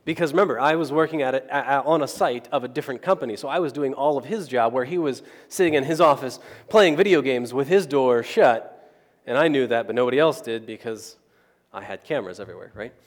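A man's voice: mid-range voice, fast. A man telling a personal story as a sermon, chatting with the crowd and checking in with "right?" after nearly every point. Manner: conversational, keeps asking the crowd "right?". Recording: long hall reverb.

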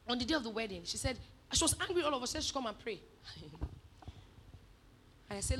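A woman preaching a sermon, animated, moving from soft asides to shouted emphasis. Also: high-pitched, fairly quick, a little hiss or hum.

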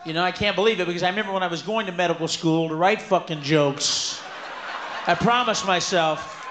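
A man doing a loud, profane stand-up comedy set, ranting and breaking into screaming shouts as he mocks the voices of others. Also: sits high, a little fast. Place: large live venue with audience. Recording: roomy live concert recording with crowd noise.

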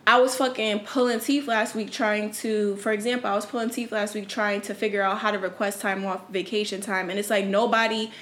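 A woman's voice: mid-range voice, fairly even intonation, fairly quick, hardly any pauses, a bit bright. A young woman hosting her own podcast, ranting casually and profanely, frustrated and venting. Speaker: podcast host. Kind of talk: casual solo podcast rant.

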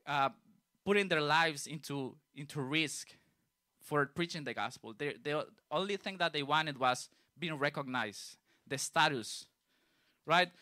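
A man preaching with a bright, clear, ringing tone that sits a little higher than most men's. He reads scripture aloud and then unpacks it in easy, everyday language, as if he were talking with a youth group. The sound is dry and close, with no room echo. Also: unhurried. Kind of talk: sermon.

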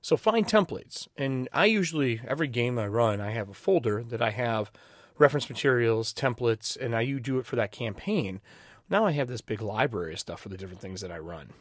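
Animated man with a lively voice. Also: mid-range voice, fairly quick, dry recording. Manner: animated, emphatic, swears casually. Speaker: game master giving advice. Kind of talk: casual advice talk.

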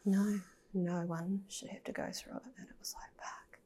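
A woman's voice: mid-range voice, flat delivery, moderate pace, mellow, husky. A woman telling a personal story as a podcast guest, candid and emotional, swearing and sometimes dropping to a near-whisper.

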